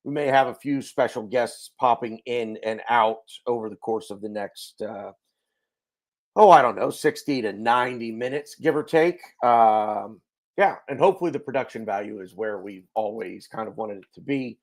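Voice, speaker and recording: A man's voice: medium pitch, moderate pace. A man hosting a casual fan show over a video call, chatty and joking, with many fillers. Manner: chatty, jokey, lots of fillers. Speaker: podcast host.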